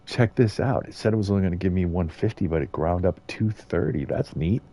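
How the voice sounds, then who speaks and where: A man's voice: deep voice, fairly quick, warm tone. A middle-aged man from the United States giving rambling, casual commentary as he streams a game and chats to viewers. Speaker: gaming streamer.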